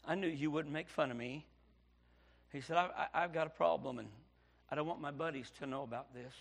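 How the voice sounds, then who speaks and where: A pastor delivering a sermon in a high, light voice. He drops to hushed storytelling, then rises into loud, pleading cries as he drives his points home.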